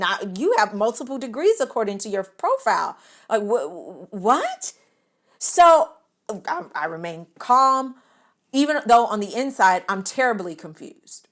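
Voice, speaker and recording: A woman telling a comic personal story on a podcast, animated and expressive, laughing often and stumbling over words when worked up. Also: on the high side.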